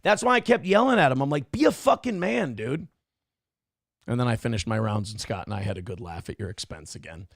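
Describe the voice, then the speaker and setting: A man hosting a comedy talk show, reacting to clips with sarcastic, profane commentary and animated storytelling. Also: on the low side, brisk, dry recording, studio quality. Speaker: morning show host.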